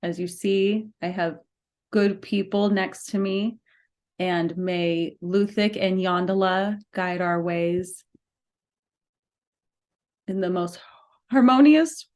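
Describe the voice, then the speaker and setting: A woman player in a casual tabletop game, speaking in an unhurried, sincere way. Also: fairly low pitch, flat delivery, a little mellow. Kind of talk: casual tabletop role-play.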